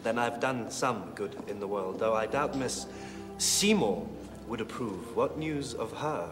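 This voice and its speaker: A dry, fond family friend with a wry edge. His voice sits low, with a long reverb and a music score behind. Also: animated, a little slow.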